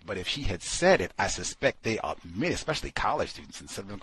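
Deep husky guy ranting on his talk show, blunt, keeps repeating himself. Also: big pitch swings, fairly quick, few pauses, fairly bright tone. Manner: blunt, dismissive, repeats points. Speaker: radio show host. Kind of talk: casual critical commentary.

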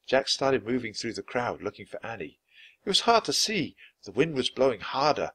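A man narrating a children's chapter book in a clear, measured read-aloud style. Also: mid-range voice, sing-song, fairly bright tone. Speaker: storybook reader.

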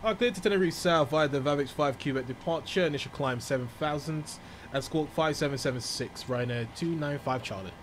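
A young British man from the UK, an excitable, jokey flight sim streamer mixing casual commentary with formal radio calls. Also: a little high, a little fast, a little hiss or hum. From United Kingdom. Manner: excitable, jokey, laughs often.

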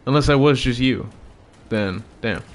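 A young man streaming a game with viewers, chatting casually, cursing often and shouting when excited. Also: medium pitch, a little slow, slight background noise. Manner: profane, joking, bursts of excited shouting. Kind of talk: casual gaming livestream chat.

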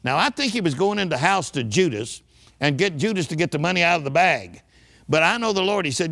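A man's voice: fairly high pitch, expressive, quick pace, vocal fry, fairly bright tone. An older man preaching a sermon, emphatic and rousing, calling on the audience to answer back. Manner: emphatic call-and-response preaching.

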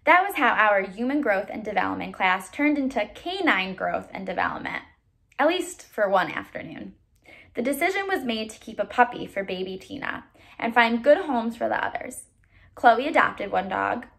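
A woman, a teacher, reads a novel aloud to a child, expressive with occasional stumbles. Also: fairly high pitch, normal speed, vocal fry.

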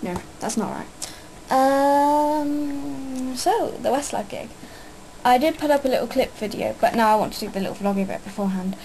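A woman's voice: sits high, normal speed, mellow, slight background noise, rough recording. A young woman chatting casually in a vlog, hyper and rambling, with lots of fillers. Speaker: vlogger.

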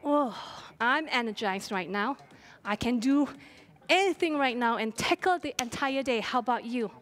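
A woman's voice: on the high side, animated, normal speed, a bit bright. A woman fitness instructor coaching a live workout, encouraging and cheering her class on while out of breath. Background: faint music.

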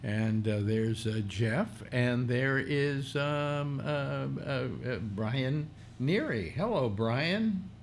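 A man's voice: mid-range voice, extremely slow, hardly any pauses, slight background noise. A man hosting a casual live talk stream, rambling with many restarts and fillers. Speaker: host. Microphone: computer mic through speakers.

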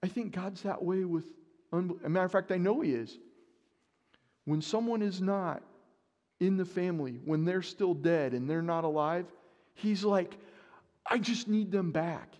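Guy preaching in a church, kinda high voice, tells stories all animated, big echo hanging after. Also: moderate pace. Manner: storytelling, animated, acts out his own panic. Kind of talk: sermon. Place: church sanctuary. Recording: long church reverb.

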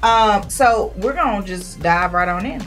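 A woman, chatting casually to viewers as she hosts a food review vlog and tells a lively story. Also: mid-range voice, moderate pace, faint music behind. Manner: animated storyteller, addresses viewers directly. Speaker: vlog co-host.

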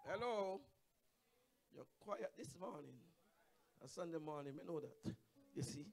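A man with a Jamaican accent, preaching a Pentecostal sermon as guest evangelist. He calls out to the congregation and swings from quiet asides to shouted, sung climaxes. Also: on the high side, lively intonation, unhurried, long pauses, faint music behind. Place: church sanctuary.

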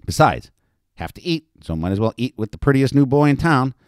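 A man's voice: mid-range voice, sing-song, fairly quick, no room sound, clean studio sound, voice pushed up, lightly acted. Man voicing a flirty brassy frontier madam. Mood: teasing. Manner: flirty, teasing, bold.

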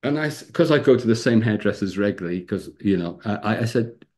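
A middle-aged man, a pastor, tells stories on a video call in a lively way, laughing often and acting out the people he talks about. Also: on the low side, quick pace. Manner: lively storyteller who laughs and acts out the people in his stories. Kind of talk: storytelling talk on a video call.

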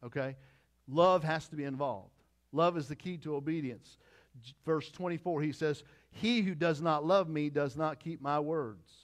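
A man's voice: on the high side, normal speed. A middle-aged pastor preaching a conversational sermon with repeated phrases and asides to his congregation.

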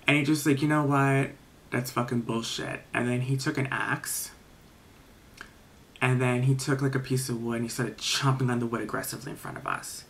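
Young guy for a storytime vlog, rambling, filler-heavy, swears casually, mid-pitched voice. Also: fairly even intonation, a little fast, vocal fry, fairly bright tone, slight background noise.

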